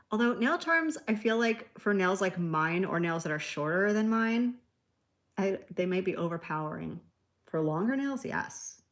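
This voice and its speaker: A woman hosting a live nail art tutorial, chatting casually, answering viewer comments and laughing easily. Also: fairly low pitch. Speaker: nail art livestream host.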